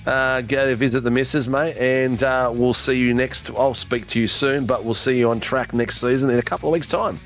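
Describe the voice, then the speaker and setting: A man's voice: mid-range voice, steady tone, moderate pace, few pauses, fairly bright tone. An Australian man hosting post-race interviews on a sim racing broadcast, joking and laughing with matey banter.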